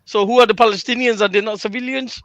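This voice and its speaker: A man's voice: high-pitched, fairly even intonation, fast talker, a bit bright, no room sound, lo-fi sound. A man in a heated live podcast panel debate, arguing and cutting in on others. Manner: argumentative, interrupting.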